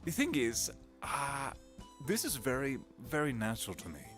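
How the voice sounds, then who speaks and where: A man, a voice actor, chatting casually on a home livestream with a gravelly vocal fry, giggling and wandering between topics. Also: medium pitch, wildly swooping pitch, moderate pace, a bit bright, faint music behind. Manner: chatty, giggly, drifts into voice demos. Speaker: voice actor streaming.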